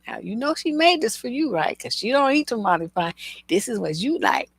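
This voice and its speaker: A woman's voice: a little high, very animated, fairly quick, vocal fry, husky, dry recording. A woman relationship coach telling stories in casual commentary, laughing through her anecdotes and talking bluntly with profanity.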